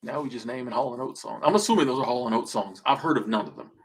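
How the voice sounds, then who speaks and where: A husky-voiced man talks loosely to his livestream viewers. He jokes, drifts off mid-thought and starts his sentences over. His pitch sits in an ordinary middle range. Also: fast talker. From Southern United States. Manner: joking, rambling, trails off and restarts. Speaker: streamer. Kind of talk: casual livestream chat reacting to viewer comments.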